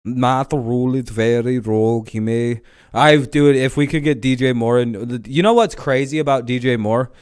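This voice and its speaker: A man's voice: mid-range voice, normal speed, few pauses, darkish tone, smooth. A man hosting a livestream, chatting casually about football in a rambling, joking way with plenty of swearing. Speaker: livestream host. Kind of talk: casual sports chat.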